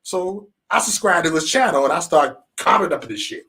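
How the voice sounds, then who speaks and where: Guy ranting on his live stream, cussing a lot, voice jumps all over, kinda high. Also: a little fast, breathy edge. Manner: animated, swearing, acts out quotes. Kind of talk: profane political rant on a live stream.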